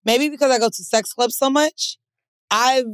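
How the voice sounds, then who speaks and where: A woman's voice: high-pitched, normal speed, clean tone, no room sound. A woman co-hosting a podcast, chatting in a blunt, playful, teasing way. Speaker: podcast co-host. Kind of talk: casual chat.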